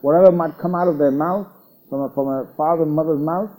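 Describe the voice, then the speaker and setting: A man's voice: fairly high pitch, fast talker, mellow, rough recording. A man giving a recorded religious lecture, reciting Arabic verses and explaining them in with earnest repetition. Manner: recites Quranic Arabic, then explains it in English; earnest, repeats phrases with restarts. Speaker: Islamic teacher.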